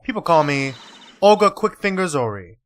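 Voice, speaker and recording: A man voicing a smug, scheming female card-sharp dealer in a video game, with slow, drawn-out tough talk. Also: a little high, big pitch swings.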